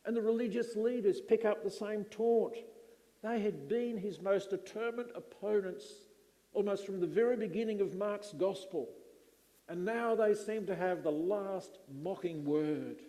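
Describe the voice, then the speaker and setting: Middle-aged guy preaching slow with big pauses, highish voice, echoey hall. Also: animated, warm tone. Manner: slow, emphatic delivery with dramatic pauses. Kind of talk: sermon.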